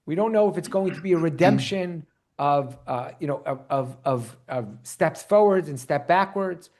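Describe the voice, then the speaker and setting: A man's voice: on the high side, moderate pace. A man, a rabbi, teaching an online Bible class and quizzing his listeners. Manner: animated, quizzes the audience.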